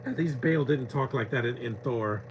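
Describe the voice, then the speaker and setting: A man's voice: mid-range voice, fairly quick, a little hiss or hum. A man giving casual live commentary over a movie, mocking scenes and laughing often.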